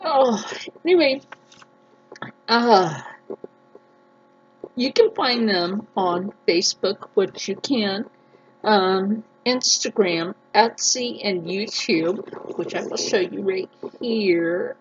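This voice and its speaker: A woman vlogging a casual unboxing, gushing and excitable, jumping into high squeals of delight. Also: takes it slowly, pauses often. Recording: dull lo-fi sound with clear background noise.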